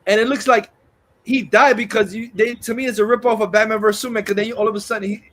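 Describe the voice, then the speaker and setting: A man's voice: high voice, steady tone, quick pace, a bit bright. A man hosting a livestream, casually retelling a movie scene by scene in a rambling, profane way and acting out the quotes. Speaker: livestream host. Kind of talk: casual movie review chat.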